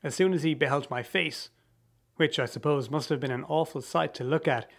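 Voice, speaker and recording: A man reading a story aloud as a dramatic audiobook narration, with a measured, theatrical delivery. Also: a little high, gravelly, breathy edge.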